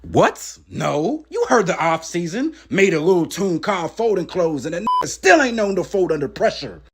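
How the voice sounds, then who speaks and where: Man putting on a sleepy dodgy rapper voice, low and mumbly, swinging up when he gets defensive. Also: very animated, moderate pace, breathy edge, heavily acted. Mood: evasive. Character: laid-back male rapper, dazed and evasive. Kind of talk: comedy sketch impression.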